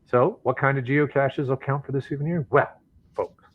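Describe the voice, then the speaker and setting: Male podcast co-host, mid pitch, playful banter with mock-hype reads, slightly muffled audio. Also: steady tone, brisk. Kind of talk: casual podcast chat.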